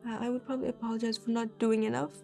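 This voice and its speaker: A young woman from East Turkestan, speaking softly and hesitantly as an interview guest, with frequent fillers. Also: fairly high pitch, flat delivery, racing, gravelly, soft background music. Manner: soft-spoken, hesitant with fillers. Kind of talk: personal interview.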